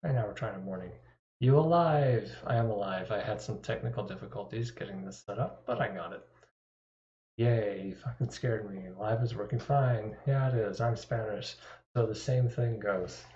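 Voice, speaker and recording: On his live stream, a man with a lowish, animated, unhurried voice rambles casually, chuckling through self-deprecating asides. His tone is a bit bright. The desktop microphone gives an echoey, dull lo-fi sound with a little hiss or hum.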